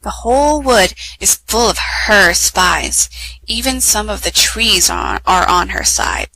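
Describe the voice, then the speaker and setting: A woman voicing a timid, nervous male faun in a storybook, speaking softly and anxiously. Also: medium pitch, lively intonation, takes it slowly, gravelly, slight background noise, full character voice, rough recording. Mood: anxious hush.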